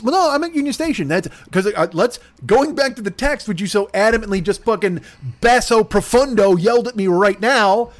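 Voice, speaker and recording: Man, high voice, exasperated profane rant, mocking impressions, dry close sound. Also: animated, brisk, no room sound.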